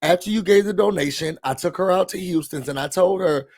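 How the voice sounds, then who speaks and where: A woman's voice: on the low side, fairly quick, a little mellow, dry recording. A man voicing a prim woman who talks down to others in a clipped, condescending way.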